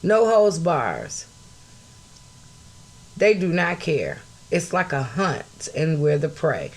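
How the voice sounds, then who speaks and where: A woman's voice: deep voice, sing-song, takes it slowly. A woman hosting her own podcast, talking bluntly and angrily, swearing freely and greeting viewers as she goes. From United States. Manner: angry, blunt, swears, rises to shouting; greets live chat viewers mid-talk. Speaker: podcast host. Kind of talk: impassioned solo podcast talk.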